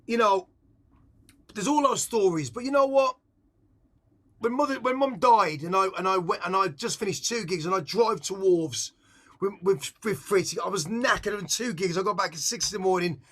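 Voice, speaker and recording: A middle-aged man with a voice pitched high for a man. He talks in a casual interview, excitable and frank, with swearing scattered through his speech. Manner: candid, excitable, swears freely. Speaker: interviewee, musician. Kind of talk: casual conversation.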